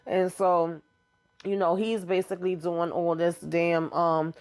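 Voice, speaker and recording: Woman, TV recap host, casual chat, even monotone delivery, mild swearing, talks to viewers. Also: lowish voice, unhurried, clean tone. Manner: chatty retelling with frequent mild cursing; addresses viewers directly.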